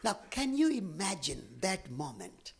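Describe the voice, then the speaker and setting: A man from India with an Indian accent, speaking at a public event and telling a personal story in an earnest way, with dramatic pauses. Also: a little high, huge pitch swings, vocal fry.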